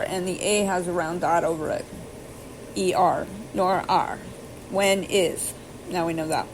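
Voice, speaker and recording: A woman vlogging casually, rambling and self-deprecating, who slowly sounds out and spells foreign phrases letter by letter. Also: fairly low pitch, fairly even intonation, slight background noise, low-quality recording. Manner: slow careful pronunciation attempts. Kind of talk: casual self-taught language practice.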